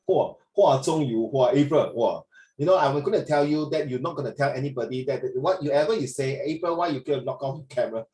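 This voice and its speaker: A man's voice: medium pitch, expressive, fast talker, warm tone. Chatty Singaporean-accented male tutor. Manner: chatty, switches into Mandarin. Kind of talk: online class feedback. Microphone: video call. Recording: echoey room.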